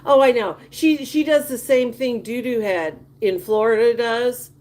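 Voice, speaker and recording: A woman's voice: a little high, a little slow, darkish tone. A woman hosting a casual livestream, gossiping emphatically and reacting indignantly to viewer comments. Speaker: livestream host.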